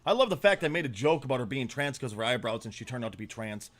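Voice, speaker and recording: A man's voice: mid-range voice, animated, quick pace. A man hosting a casual livestream, reacting bluntly with lots of swearing and often trailing off while he searches for names. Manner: blunt, profane, opinionated. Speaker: livestream host.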